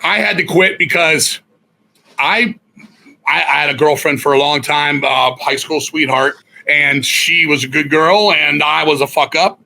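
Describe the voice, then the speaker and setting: A man with a raspy voice telling his story in a casual chat, blunt and swearing freely. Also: a little high, measured pace, sharp tone, rough recording. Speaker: guest musician.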